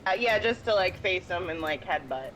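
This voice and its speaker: A woman playing a tabletop game, talking casually in a relaxed, easygoing way. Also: on the low side, normal speed, a little hiss or hum, low-quality recording. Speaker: player.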